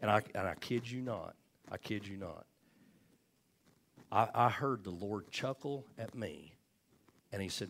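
A middle-aged pastor, telling a self-deprecating story in a folksy, animated sermon. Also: male voice, fairly low pitch, a little slow, vocal fry, long pauses, slight background noise.

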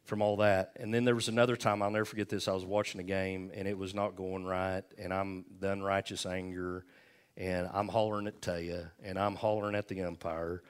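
A middle-aged pastor, telling a self-deprecating story in a folksy, animated sermon. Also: male voice, low-pitched, a little fast, clear, resonant tone.

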